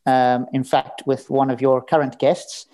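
A man's voice: medium pitch, level tone, unhurried, warm tone. A man talking as a podcast guest, telling his story in a candid, casual way and swearing now and then. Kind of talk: casual interview chat.

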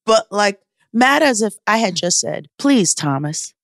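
A woman's voice: mid-range voice, animated, moderate pace, fairly bright tone, dry recording, studio quality. A woman co-hosting a podcast in casual chat, teasing and laughing a lot. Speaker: podcast co-host.

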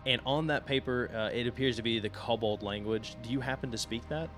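A man narrating as game master of a tabletop game, describing finds and calling for dice rolls in a measured way. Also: mid-range voice, fairly bright tone, soft background music.

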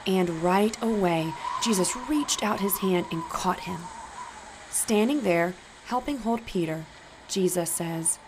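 A woman narrating a Bible story for young children, gentle and inviting the listeners to join in. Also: mid-range voice, expressive, unhurried, background noise.

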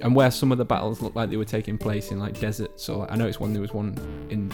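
A man's voice: lowish voice, fairly even intonation, fast talker, over music. A man from Britain co-hosting a casual podcast, rambling and swearing freely as he chats. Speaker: podcast co-host.

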